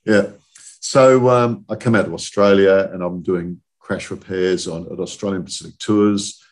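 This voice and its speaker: Low-voiced guy in his 60s, chatty, rambling yarns, keeps saying okay?. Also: steady tone, normal speed. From southern England. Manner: rambling anecdotal storyteller, often checks in with "okay?". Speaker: guest, industry chief executive. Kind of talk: casual podcast chat.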